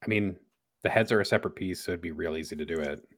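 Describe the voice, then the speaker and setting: A Midwestern man with a very deep voice talks easily as a podcast co-host. He is wry and relaxed and often trails off into fillers. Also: quick pace. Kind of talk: casual podcast chat.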